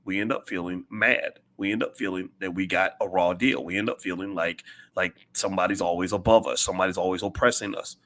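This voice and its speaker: A man's voice: deep voice, fairly even intonation, a little fast, fairly bright tone. A middle-aged man giving an impassioned, preachy monologue as a commentator, hammering his points with repetition.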